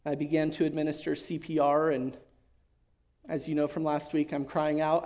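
A man giving an emotional personal testimony to his church, earnest and halting, often dropping to a hush. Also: on the high side, flat delivery. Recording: dull lo-fi recording.

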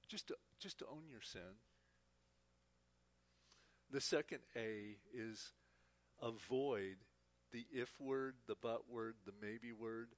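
Earnest guy teaching a bible class, kinda halting, keeps repeating words. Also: mid-range voice. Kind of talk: church teaching talk.

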